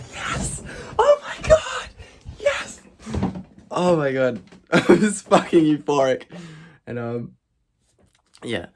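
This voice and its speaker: A man telling a comic storytime monologue on a vlog, laughing and swearing as he acts out the quotes. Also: a little hiss or hum. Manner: animated, laughing, profane, acts out quotes with big pitch jumps. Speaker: vlogger.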